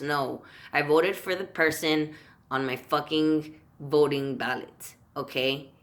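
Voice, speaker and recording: A man's voice: on the high side, steady tone, takes it slowly, a bit bright. A man vlogging a heated rant to camera, swearing constantly and tripping over his words as he repeats himself. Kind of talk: profane political rant to camera.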